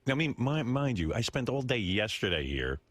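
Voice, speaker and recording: A man's voice: mid-range voice, sing-song, a little fast, a bit bright. A man hosting a radio show, telling a long, rambling, profane story in casual chat from the studio.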